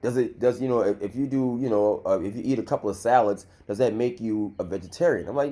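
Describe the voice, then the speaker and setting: A man's voice: fairly low pitch, fast, few pauses, mellow. A man in his thirties giving a loose, heated and profane commentary rant, full of filler. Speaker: vlogger.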